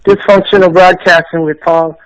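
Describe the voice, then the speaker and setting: A man from Canada, a musician guest chatting casually on a podcast, laid-back and quick to laugh. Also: high voice, flat delivery, muffled recording. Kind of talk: casual interview chat.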